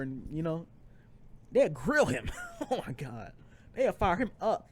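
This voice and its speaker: A man's voice: a little high, very animated, slow. A young man co-hosting a podcast, talking in slangy casual chat with lots of repeats and restarts. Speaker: podcast co-host.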